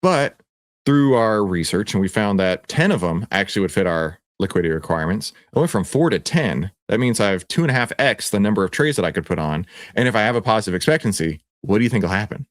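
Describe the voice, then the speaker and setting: A man with a Texan accent hosting a livestream, playful and teasing, often jumping to excited shouts. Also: on the low side, quick pace, no echo. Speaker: livestream host. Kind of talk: animated livestream presentation.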